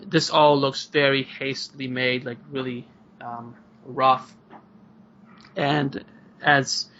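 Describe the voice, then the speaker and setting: Gravelly, bright-voiced male game master. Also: medium pitch. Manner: rambling, heavy on fillers. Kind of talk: narrating a tabletop game. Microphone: video call. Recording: muffled lo-fi online call.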